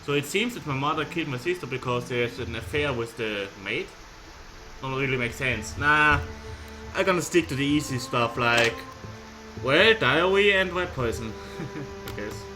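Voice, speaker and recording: Guy doing let's play commentary, playful and excitable, music on in back. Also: medium pitch, moderate pace, poor audio. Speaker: gameplay commentator.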